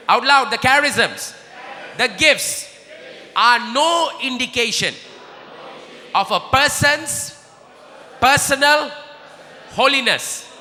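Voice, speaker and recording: A male preacher delivers an impassioned sermon in a high, very bright voice. He moves between murmured prayer and shouted emphasis. The sound carries a long reverb, as in a large hall.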